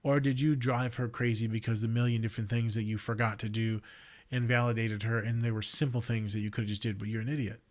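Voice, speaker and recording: Man, 30s, podcast host; swearing, animated casual monologue with sharp swings in volume. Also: medium pitch, fast. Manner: blunt, profane and animated, swings between loud outbursts and quiet reflection.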